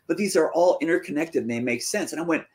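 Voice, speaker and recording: A man, a fantasy author, casually telling the story of his writing career in an interview, acting out quoted dialogue with lively jumps in pitch. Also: quick pace.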